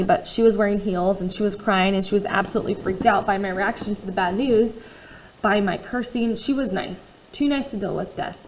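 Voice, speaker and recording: Expressive woman reading a first-person novel. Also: mid-range voice, a little hiss or hum, poor audio. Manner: expressive, swinging between hushed and loud. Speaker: audiobook reader.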